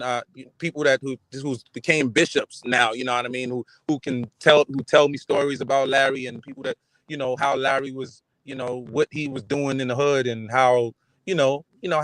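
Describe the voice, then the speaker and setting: A man's voice: mid-range voice, steady tone, fairly quick, fairly bright tone, dry recording, rough recording. A man from the Bronx with a New York accent, hosting a livestream and reading chat in a rambling, emphatic, streetwise way. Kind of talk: casual livestream talk.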